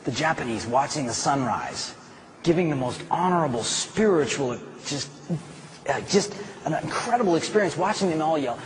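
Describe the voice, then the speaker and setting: A man with a fairly high voice giving a motivational talk as a story, very animated and swinging from loud outbursts to quiet, hushed stretches. Faint noise sits under the recording. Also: moderate pace. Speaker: motivational speaker.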